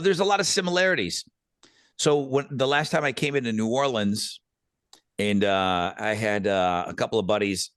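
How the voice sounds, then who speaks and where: A man's voice: fairly low pitch, dry recording, studio quality. A man in his fifties, co-hosting a podcast in casual chat, telling stories with lots of swearing and stammered restarts. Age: 50s. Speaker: podcast co-host.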